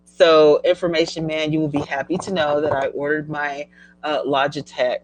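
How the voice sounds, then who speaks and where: A middle-aged woman hosting a casual live stream, chatty and animated, laughing often as she reads viewer comments. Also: sits low, moderate pace, slight background noise, rough recording. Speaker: livestream host.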